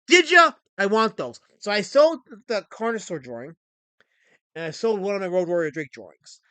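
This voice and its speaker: Guy streamer yelling at chat, cursing a lot, super lively voice, dry close sound. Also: high voice, moderate pace, clear, resonant tone, no echo. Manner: scolds chat, profane, animated. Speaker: streamer and host. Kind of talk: casual live-stream chat.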